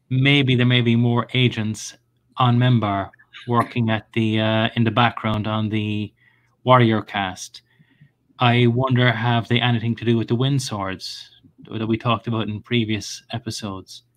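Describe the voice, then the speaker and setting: A man in a casual discussion, speculating in a measured, thoughtful way. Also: mid-range voice, level tone. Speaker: panel guest.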